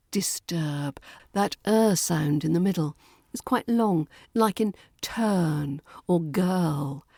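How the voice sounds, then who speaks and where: British woman teaching pronunciation, mellow, dry. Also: on the low side, no room sound. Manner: clear, deliberate, slows to model words. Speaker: podcast host and pronunciation teacher. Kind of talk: pronunciation lesson.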